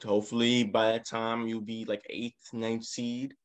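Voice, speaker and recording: A man's voice: fairly low pitch, unhurried, clear, resonant tone. Man recapping basketball games on a podcast. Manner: animated, leads the game recaps. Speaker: podcast co-host. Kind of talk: casual sports chat.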